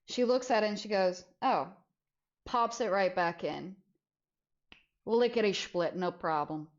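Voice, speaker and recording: A young adult woman streamer telling a story in casual chat, animated and often laughing as she goes. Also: mid-range voice, unhurried, highs cut off. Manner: animated, laughs through the story, frequent restarts.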